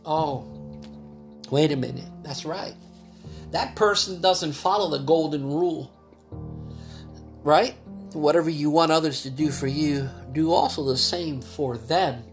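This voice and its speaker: A male pastor delivering an earnest devotional sermon. His voice rises into loud, urgent calls and then drops to soft, quiet passages. Soft instrumental music plays faintly underneath. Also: a little high, unhurried, long pauses, roomy sound.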